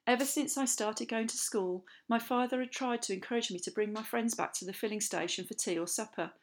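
Expressive woman reading a children's novel. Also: a little high, fairly quick. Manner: lively, expressive first-person storytelling. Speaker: audiobook narrator. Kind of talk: scripted storybook narration.

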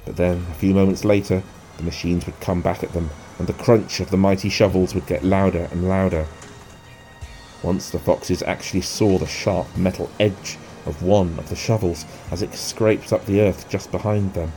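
A man reading a children's story aloud at a steady, measured pace. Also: deep voice, faint music behind. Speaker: narrator.

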